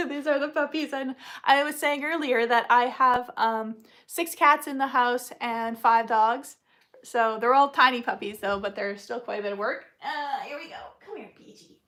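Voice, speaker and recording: A woman hosts a casual livestream, rambling and chatty with lots of ums and uhs, and she coos at puppies in a high baby-talk voice. She speaks unhurriedly, her tone a bit bright.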